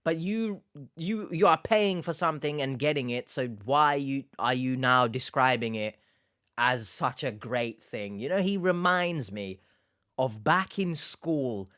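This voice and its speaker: A man hosting a reaction commentary, sarcastic and mocking, with sudden loud outbursts. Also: medium pitch, lively intonation, measured pace, no echo, clean studio sound. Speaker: commentary host.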